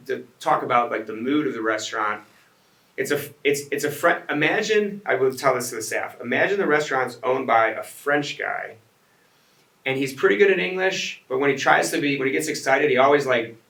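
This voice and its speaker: A man gives a loose, rambling talk to an audience, his voice bright and slightly forceful. The sound is roomy, caught from a distance off the mic. He keeps restarting phrases and throwing in asides to the listeners. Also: medium pitch. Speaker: restaurant owner giving a design talk. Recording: echoey room, voice picked up from a distance.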